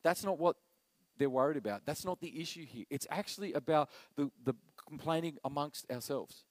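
A middle-aged man, preaching a sermon as pastor, animated and acting out quoted voices. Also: a little high, fairly quick, dry recording, rough recording.

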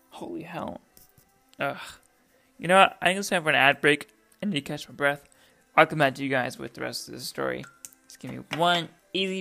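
Profane, excitable young woman hosting. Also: low voice, vocal fry. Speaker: podcast host. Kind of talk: casual chat. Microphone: desk microphone.

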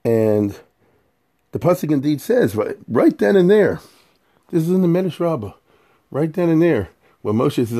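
A man's voice: fairly high pitch, big pitch swings, normal speed, pauses often, dark tone. A middle-aged man giving an informal scripture lesson, explaining Hebrew verses in plain English in a conversational way. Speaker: Torah teacher.

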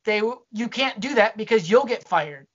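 A man's voice: high-pitched, lively intonation, moderate pace, fairly bright tone, lo-fi sound. A man who works in a restaurant, rambling and swearing as he vents in casual chat. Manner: rambling, profane venting. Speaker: restaurant worker.

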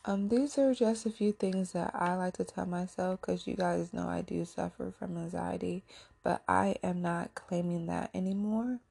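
A woman hosting a casual podcast who leads the listeners through affirmations, saying each one gently and then repeating it. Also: on the low side, fairly even intonation, moderate pace, vocal fry, husky. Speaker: podcast host. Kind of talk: casual podcast chat leading spoken affirmations.

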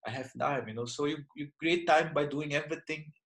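A man in his thirties, a martial arts instructor, answering interview questions in a reflective, halting way with many restarts. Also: on the high side, a bit bright, poor audio. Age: 30s.

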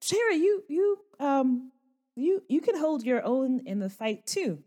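Lady doing a shy tiefling girl who can't stop stammering, pitched up high. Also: very animated, measured pace, mellow. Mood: encouraging. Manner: stammering, apologetic, awkward. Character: timid stuttering young tiefling woman.

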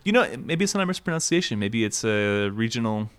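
Male podcast co-host from Minnesota, 30s: animated, lively pitch, quick to laugh, casually profane. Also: clear, resonant tone. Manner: laughs often, swears, animated. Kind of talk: casual chat.

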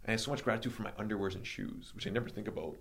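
Low-voiced man telling a story animatedly. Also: rapid-fire, a little hiss or hum. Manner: animated, reenacts dialogue, many fillers. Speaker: podcast host telling his story. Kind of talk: casual storytelling chat.

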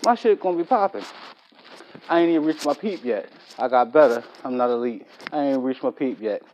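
A man's voice: mid-range voice, animated, fairly quick, a little mellow, highs cut off, a little hiss or hum. A man hosting his own podcast in a casual, slangy and boastful monologue, recording while he works. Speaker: podcast host.

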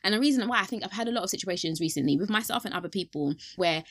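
A woman hosting a casual faith discussion podcast, animated and quick to laugh, acting out little quotes as she talks. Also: medium pitch, dry recording, studio quality. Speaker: podcast host.

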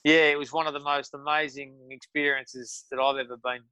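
Aussie guy yarning away, bright forceful voice, dry close sound, lots of um and you know. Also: medium pitch, flat delivery, brisk, clean tone, dry recording, dull audio. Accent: Australian. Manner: rambling with many restarts and fillers. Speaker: guest. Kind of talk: casual storytelling.

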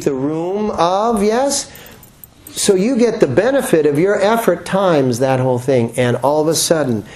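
A male yoga teacher with a voice pitched slightly above average speaks to a room of students. He's relaxed and chatty, cracking small jokes and checking in with rhetorical questions.

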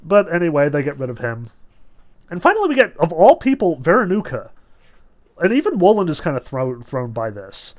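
A man's voice: a little high, huge pitch swings, a little fast. A man casually talking through a novel, peppering his speech with "like". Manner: casual, many "like" fillers. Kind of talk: casual book discussion.

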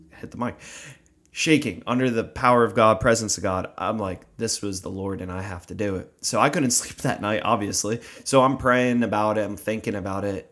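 A young man co-hosting a faith podcast, telling a personal story in an earnest, animated way. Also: lowish voice. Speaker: podcast co-host. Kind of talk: casual conversation, storytelling.

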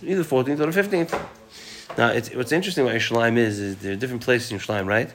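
A man's voice: medium pitch, very fast, a bit bright, slight background noise. A man teaching a casual Talmud class, quoting Aramaic and Hebrew passages and then explaining them in informal, conversational English.

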